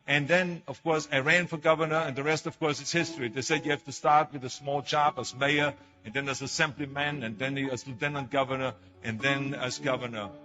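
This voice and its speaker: This older public speaker has an Austrian German accent and grew up speaking German. At a medium pitch and a steady tone, he talks briskly with hardly a pause, giving an emphatic, story-filled motivational speech and acting out the quotes.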